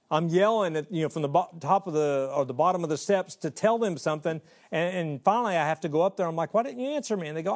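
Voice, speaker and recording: Fervent preacher man, fairly high voice. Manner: emphatic, shifts between loud and hushed; acts out little voices of God, Satan and his kids. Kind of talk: sermon.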